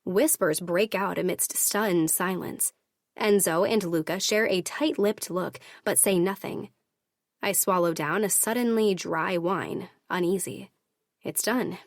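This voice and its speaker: A woman narrating a first-person romance audiobook in a measured, even storytelling manner. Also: on the low side, dry recording, clean studio sound.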